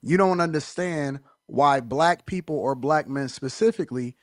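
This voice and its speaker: A man in a casual podcast debate, calmly questioning and paraphrasing the other speaker to challenge him. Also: on the high side, dry recording, clean studio sound. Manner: probing, measured, paraphrases and challenges.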